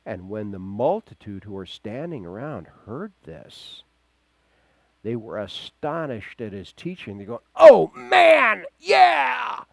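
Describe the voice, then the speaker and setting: A man preaching a verse-by-verse sermon, acting out the quoted voices and swinging between loud emphasis and quiet asides. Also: on the low side, sing-song, measured pace, no echo. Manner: acts out quoted voices, chuckles. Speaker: pastor. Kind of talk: expository sermon.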